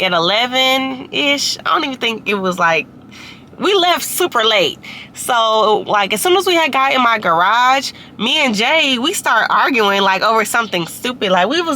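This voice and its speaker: Chatty young woman, bright. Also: a little high, a little hiss or hum. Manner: chatty, heavy use of "like" and slang. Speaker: vlogger. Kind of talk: casual storytime.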